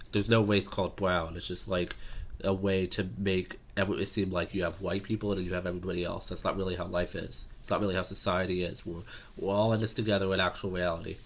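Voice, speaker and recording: A man's voice: deep voice, a bit bright, a little hiss or hum. A man giving casual political commentary to camera, rambling and opinionated with many fillers.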